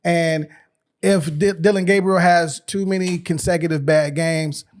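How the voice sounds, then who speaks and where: A man's voice: fairly high pitch, steady tone, measured pace. A man co-hosting a casual sports podcast, laid-back as he runs through figures and opinions. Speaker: podcast co-host.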